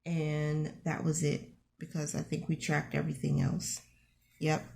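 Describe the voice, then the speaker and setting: A woman with a rough morning voice walks through her family's weekly card expenses, friendly and encouraging as she talks the numbers through aloud. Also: sits low, little pitch movement, measured pace, dark tone. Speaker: budgeting channel host. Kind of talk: casual screen-share budget walkthrough.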